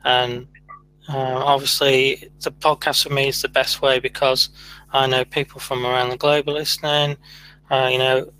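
Bright, flat-voiced podcast host. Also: male voice, mid-range voice, moderate pace, slight background noise, rough recording. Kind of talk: casual chat.

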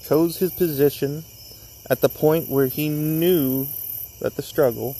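Gravelly man reading a story outdoors. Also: on the high side, steady tone, dark tone, slight background noise, poor audio. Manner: unhurried reading with small slips it corrects. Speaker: narrator. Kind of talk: reading a classic story aloud. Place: outdoors in a cemetery at night.

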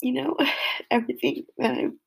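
A woman's voice: high-pitched, level tone, moderate pace, vocal fry, breathy edge, poor audio. A young woman crying while reacting to a tribute, flustered and self-mocking, squealing in disgust. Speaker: vlogger.

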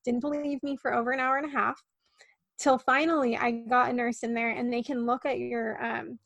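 Podcast guest: young woman, high voice with vocal fry, earnest, talks in quick tumbling bursts. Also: little pitch movement, a bit bright, no echo. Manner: tumbling, earnest, many likes and ums. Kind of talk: casual storytelling on a podcast.

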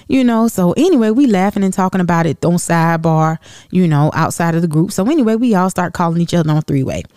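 A woman podcast host from the United States telling a long personal story in casual, animated talk, often calling her listeners y'all. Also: lowish voice, fast, no room sound, studio quality.

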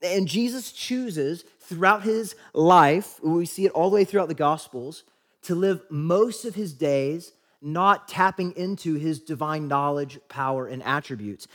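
A pastor giving a sermon in a casual, conversational way, often asking "right?" and acting out quoted lines. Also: male voice, fairly high pitch.

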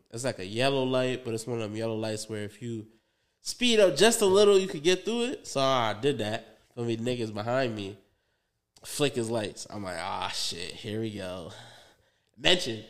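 A man's voice: medium pitch, lively intonation, fairly quick. A young man on a podcast, telling a rambling story in loose, profane slang with lots of fillers and asides. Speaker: podcast co-host. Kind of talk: casual storytelling.

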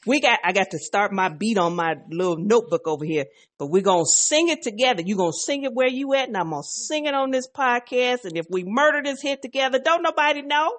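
A woman's voice: on the high side, fast talker. A woman hosting a faith podcast in a casual, playful way, joking with listeners and a little out of breath. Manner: playful, animated, sings along off key. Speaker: podcast host.

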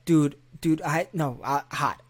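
A man, father of a toddler, telling a profane comic story with animated delivery, often laughing as he goes. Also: a little high, slow pace, husky. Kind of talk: comedic storytelling.

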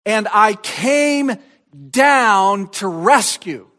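A man preaches a sermon in an expressive voice that sits high, reading scripture aloud with emphasis. He swings from soft, slow passages to loud, shouted proclamation.

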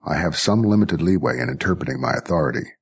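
A composed robot keeper, as a male narrator puts it on in a storybook reading, speaking in measured, formal, polite sentences. The voice is very low and slightly husky, softly delivered and even. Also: exaggerated voice. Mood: calm. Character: calm armed robot zookeeper in charge.

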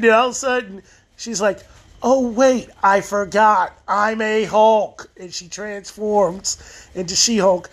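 A man with a high-pitched voice talks through an episode of a show in a loose, casual recap. He rambles, often backs up to restart a phrase, and acts out the quoted lines as he goes. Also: steady tone, a little slow. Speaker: TV show reviewer.

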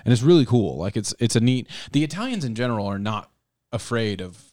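A man's voice: mid-range voice, lively intonation, brisk, a little mellow, no room sound, clean studio sound. A man hosting a casual movie-review chat who laughs often, swears freely and rambles.

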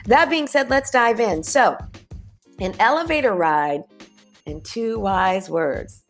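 A woman's voice: medium pitch, expressive, slow, faint music behind. A woman hosting a casual motivational talk, chatty and upbeat, who calls her listeners y'all and leads them through breathing. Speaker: podcast host.

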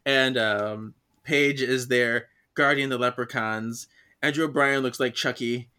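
A man's voice: mid-range voice, steady tone, unhurried, sharp tone, smooth. A man co-hosting a podcast, giggly and breezy as he recaps a comic. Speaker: podcast co-host. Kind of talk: casual chat, retelling a comic.

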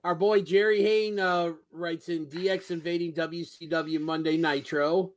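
A man's voice: on the high side, fairly even intonation, a little slow, a crowd in the background. A man co-hosting a casual podcast, reading out listener answers with lots of fillers. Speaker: podcast co-host. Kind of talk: casual chat.

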